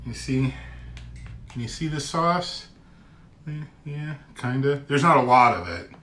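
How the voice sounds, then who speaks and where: Lively, bright-toned man reviewing food. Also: medium pitch, takes it slowly, echoey room. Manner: chatty, exclaims loudly at hot bites. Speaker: food vlogger. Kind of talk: casual food review vlog.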